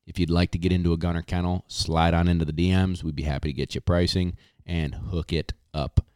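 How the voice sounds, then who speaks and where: A man hosting a casual podcast, reading sponsor spots in a hyped, slangy way with drawn-out catchphrases. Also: low voice, little pitch movement, warm tone, smooth, no room sound, studio quality. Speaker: podcast host.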